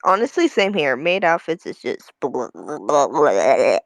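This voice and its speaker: Teasing woman cohost, slow and bouncy voice. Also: deep voice, sing-song, no echo. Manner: playful, teasing. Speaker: podcast co-host. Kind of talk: casual group chat.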